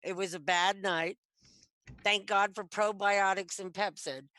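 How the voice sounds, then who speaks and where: A middle-aged woman, a metal detectorist guest on a video call, telling stories in a lively, chatty way. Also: medium pitch, a little slow, no room sound. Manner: animated, chatty, acts out quoted lines. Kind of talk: casual storytelling. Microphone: computer mic on video call.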